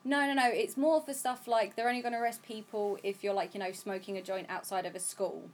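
Young british woman, mid pitch, laughs a lot, easy casual podcast chat. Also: fairly even intonation, a little fast. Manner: giggly, easygoing, chimes in. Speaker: podcast co-host.

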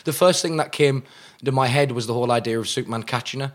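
Excitable regional British man, co-host. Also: medium pitch, quick pace. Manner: excitable, stumbling restarts, frequent laughs. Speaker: podcast co-host. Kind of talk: casual chat.

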